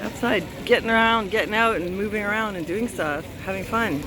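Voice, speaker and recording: Outdoor park noise fills the background as a Canadian travel vlogger chats into a handheld phone on a casual walk through a city park. Her voice is medium-pitched and fairly quick, full of gushing exclamations.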